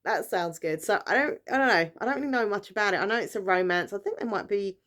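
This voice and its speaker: Brief: British woman, mid-pitched, easygoing and rambling, a casual vlogger who fills her pauses. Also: lively intonation, a bit bright. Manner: chatty, rambling, lots of fillers and self-corrections. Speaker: book vlogger. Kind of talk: casual chat.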